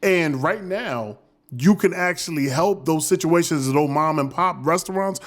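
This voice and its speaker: A man's voice: a little high, unhurried. A man co-hosting a podcast in casual chat, talking emphatically in slang and repeating words. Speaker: podcast co-host.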